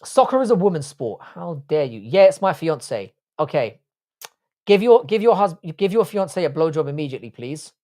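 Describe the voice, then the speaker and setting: Sing-song and fairly high in pitch, yet dark in tone, this young man speaks at normal speed. He's a livestream host from England with an English accent, chatting bluntly with swearing as he reads viewer comments.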